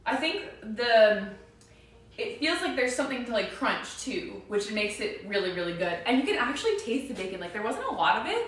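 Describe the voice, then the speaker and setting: A woman's voice: a little high, a bit bright. A young woman livestreaming from her home kitchen, chatting casually and giggly with viewers, rambling as she goes. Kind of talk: casual cooking livestream chat. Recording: echoey room, mic a bit far off.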